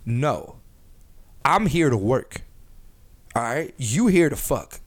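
Young guy on a podcast, loud and crude, keeps restarting his sentences, mid-pitched voice. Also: big pitch swings, slow. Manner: brash, profane, rambling with many restarts. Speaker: podcast host. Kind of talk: casual podcast chat.

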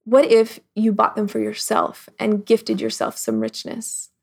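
A woman guest in a casual interview, talking reflectively with lots of "like" fillers and acting out the thoughts she quotes in lively voices. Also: medium pitch, measured pace, gravelly. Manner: frequent "like" fillers. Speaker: podcast guest.

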